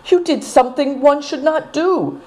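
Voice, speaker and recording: A tender, fretful young girl, as a woman reader puts her on cries out in a voice pitched well above the narrator's own, full of swooping, lively inflection. The tone stays soft and mellow even at its sharpest. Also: normal speed. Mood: frightened. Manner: high, urgent cries.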